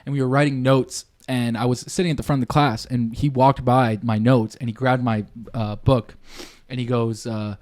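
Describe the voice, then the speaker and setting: A man's voice: mid-range voice, level tone, normal speed, darkish tone. Young man, podcast co-host, casual chat, rambling storyteller, slangy and sweary.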